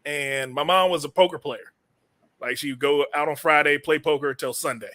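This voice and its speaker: A man hosting a comedy podcast, telling stories with animated laughter. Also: a little high, normal speed, no echo. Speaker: podcast host. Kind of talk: casual comedy podcast chat.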